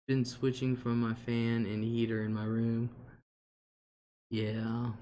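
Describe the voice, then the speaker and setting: A man talks to his livestream viewers from home in a loose, rambling way. He laughs often and answers comments as they come in. His voice sits at a middle pitch for a man. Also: a little mellow. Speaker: livestream host. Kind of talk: casual livestream chat. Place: home, at a table.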